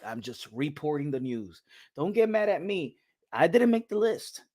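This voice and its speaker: Here a man with a voice on the high side talks boxing at normal speed, laid-back and repetitive. As a commentator, he's lively, getting viewers excited and poking fun at them.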